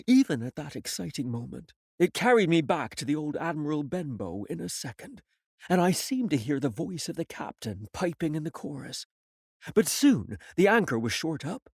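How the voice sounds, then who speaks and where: A man reading an audiobook in a measured storytelling manner. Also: a little high, very animated, slightly rough, no room sound, clean studio sound. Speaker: audiobook reader. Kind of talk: audiobook narration.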